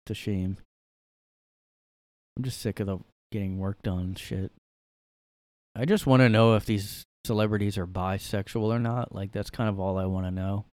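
A man's voice: lowish voice, fairly even intonation, normal speed, long pauses, darkish tone, no room sound. A man hosting a casual solo podcast from his room, ranting sarcastically and rambling through his opinions. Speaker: podcast host.

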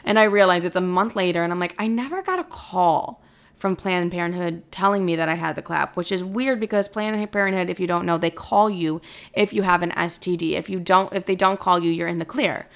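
A woman's voice: fairly low pitch, brisk. A young woman in her twenties telling a storytime, dramatic and profane, saying 'like' constantly. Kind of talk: casual storytime monologue.

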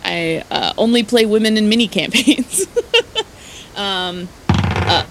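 A woman's voice: mid-range voice, animated, slow pace, fairly bright tone, slight background noise. A woman playing a tabletop role-playing game, talking hesitantly and stumbling over her words. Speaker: player. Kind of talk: casual tabletop game play.

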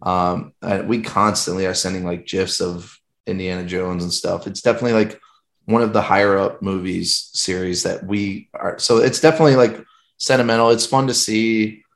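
A man's voice: deep voice, fairly even intonation, normal speed, gravelly. Teasing, skeptical man in a roomy space. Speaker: podcast co-host. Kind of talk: casual chat.

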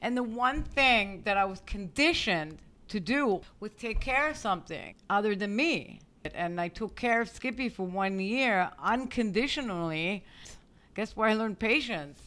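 A woman's voice: mid-range voice, lively intonation, measured pace, fairly bright tone. A woman co-hosting a casual chat, speaking directly to the listeners. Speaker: podcast co-host.

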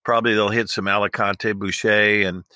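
A man's voice: on the low side, little pitch movement, moderate pace, sharp tone, no room sound. A man guesting on a podcast who talks in a rambling, hesitant but enthusiastic way. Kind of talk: casual chat.

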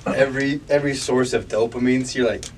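A man's voice: mid-range voice, steady tone, fast talker, a crowd in the background. A man joking around on a casual podcast, laughing often, recorded only by a camera. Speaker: podcast co-host. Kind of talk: casual chat. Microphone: camera mic. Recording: distant camera audio with loud noise.

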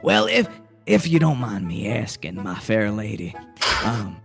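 A narrator voicing a flirtatious male cowboy gunslinger, speaking in a slow, low, gallant drawl. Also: very animated, gravelly, faint music behind.

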